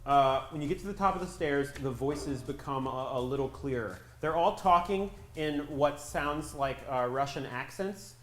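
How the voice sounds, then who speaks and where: A man's voice: mid-range voice, normal speed, hardly any pauses, reverberant. A man running a tabletop game as game master, playful and chatty, laughing often.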